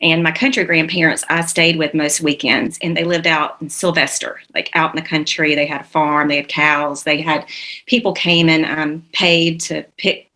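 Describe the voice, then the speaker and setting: A woman's voice: deep voice, fairly even intonation, moderate pace, sharp tone. A woman in her forties from Georgia with a Southern accent, chatting casually and telling stories about her grandparents, laughing often. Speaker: host. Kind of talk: casual chat.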